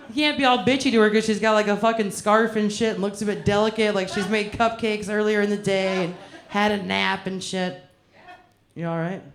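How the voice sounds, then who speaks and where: A woman doing live stand-up, crude and teasing as she banters with the front row. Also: mid-range voice. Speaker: stand-up comedian. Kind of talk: live stand-up with crowd work. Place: comedy club stage. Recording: echoey club room.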